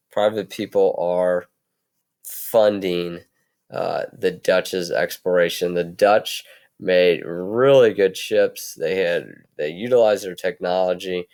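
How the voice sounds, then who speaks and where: A man with a low, smooth voice talks through a recorded history lesson on a computer mic. He speaks casually, with many fillers and restarts. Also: a little mellow. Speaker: history teacher.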